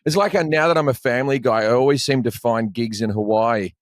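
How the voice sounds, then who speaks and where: A man rambles through his stories at an ordinary middle pitch, dropping curse words as he goes. He sounds like a comedian on a podcast, talking casually to the hosts. The recording is dry and close. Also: fairly quick, dry recording. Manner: rambling storyteller, swears freely. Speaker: comedian guest.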